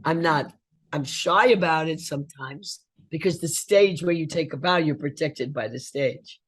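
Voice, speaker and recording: Husky older woman telling stories. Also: low-pitched, moderate pace. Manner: animated storyteller who acts out quoted voices. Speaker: guest actress. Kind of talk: casual interview chat.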